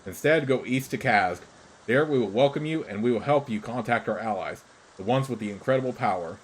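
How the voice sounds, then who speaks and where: A man voicing a sly creature spy in a fantasy game, speaking in measured, formal, persuasive sentences. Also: medium pitch, a little hiss or hum, natural voice, low-quality recording. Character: sly scheming creature spy urging betrayal.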